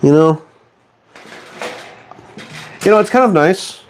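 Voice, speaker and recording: A man chats with his stream from a home studio, his voice sitting a little high and swinging widely in pitch. He jokes at his viewers with mock outrage and pokes fun at himself as he rambles along. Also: animated, slow pace, slight background noise. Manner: sarcastic, mock-outraged banter with chat; rambling, self-mocking. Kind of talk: casual live-stream chat.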